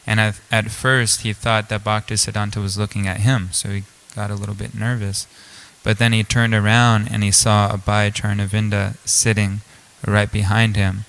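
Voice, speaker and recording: A man's voice: lowish voice, level tone, moderate pace, vocal fry, a bit bright, clean tone, rough recording. A man giving a storytelling scripture class at a temple, speaking casually with many fillers and restarts. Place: temple hall.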